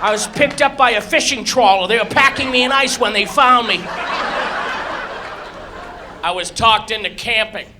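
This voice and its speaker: A man from Massachusetts performing live stand-up comedy, telling animated stories with shouted squeals and acted-out voices. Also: sits high, normal speed, pauses often, background noise. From Massachusetts, USA. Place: comedy club stage. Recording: live club recording with crowd. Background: audience laughter.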